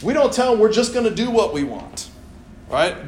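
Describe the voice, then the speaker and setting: A young man preaching a sermon in a church, animated and playful, acting out voices as he tells the story. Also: high-pitched, normal speed, a little hiss or hum. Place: church hall. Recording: echoey church room, faint ambience.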